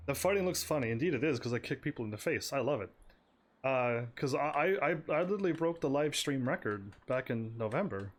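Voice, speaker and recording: A man's voice: mid-range voice, animated, a little fast. A man live streaming a game, chatting with his viewers in a casual, stammering way, laughing often. His voice sounds slightly strained. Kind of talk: casual gameplay commentary.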